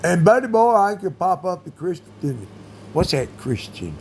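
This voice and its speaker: A man talking in a rambling monologue, full of fillers, with sudden loud bursts. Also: high voice, big pitch swings, moderate pace, slight background noise.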